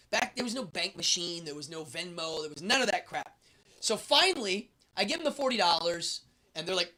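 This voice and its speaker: A man hosting a show, telling a travel story in a lively, animated way and acting out the voices of the people in it. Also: high-pitched, brisk. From United States. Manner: lively storyteller, acts out the guards' and his own lines. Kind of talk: animated anecdote.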